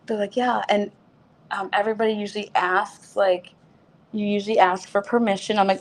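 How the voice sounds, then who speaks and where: A woman recounts an outrageous night out in a loose, chatty way, full of fillers and exclamations. She keeps laughing and jumps into higher, louder voices when she acts out what others said. Her voice sits at a middle pitch. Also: fairly quick. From United States. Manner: animated, laughing, acts out others' lines in a raised voice; frequent fillers like "like" and "oh my God". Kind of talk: casual storytelling.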